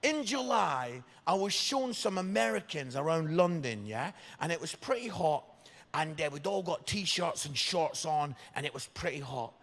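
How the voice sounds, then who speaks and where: High-voiced Scottish man telling stories in a hall. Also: moderate pace, creaky. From Scotland. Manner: chatty, keeps asking "yeah?" for agreement; animated, jumps into loud shouts. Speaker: guest speaker at a church service. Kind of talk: comic storytelling to a live audience. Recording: echoey hall.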